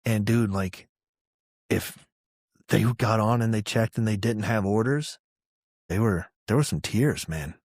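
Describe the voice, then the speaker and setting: Low-voiced guy from georgia swapping army stories, swears a lot, acts out voices, dry close sound. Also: a little slow, long pauses, no echo. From Georgia, USA. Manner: profane, animated storyteller who acts out quotes loudly. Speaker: guest, army veteran. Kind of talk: casual storytelling interview.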